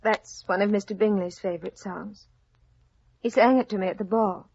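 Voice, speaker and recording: An actress playing a gentle, heartbroken young woman who speaks in a soft, earnest way, in 1940s radio acting on a dull old radio broadcast. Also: mid-range voice, fairly even intonation, moderate pace, a little hiss or hum, close to an everyday voice.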